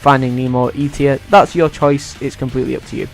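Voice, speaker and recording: A man ranking movies in a casual vlog, excitable and swearing freely. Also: medium pitch, a little fast, gravelly, soft background music. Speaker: YouTuber.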